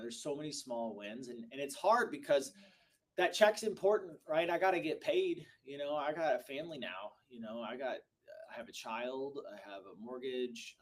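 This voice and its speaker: A man in his thirties hosting a live show, giving an excitable, high-energy motivational sales talk that swings between loud bursts and low, slow stretches. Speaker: host.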